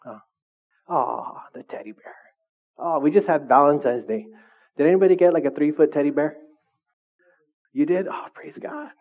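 Man preaching a lively, chatty sermon. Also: on the high side, normal speed, long pauses, phone-quality sound. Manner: conversational, animated, asks the congregation questions. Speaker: pastor.

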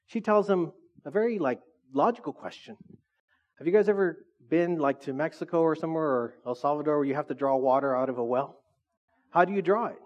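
Male preacher, casual joking sermon, slightly high voice, dull lo-fi sound. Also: a little mellow. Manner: joking, conversational, asks the audience questions.

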